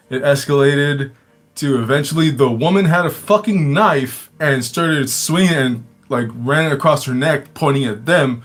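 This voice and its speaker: A man's voice: fairly high pitch, measured pace, faint music behind. Rambling, profane man telling stories. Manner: rambling and profane, many fillers; laughs often. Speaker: livestream storyteller. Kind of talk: casual storytelling chat.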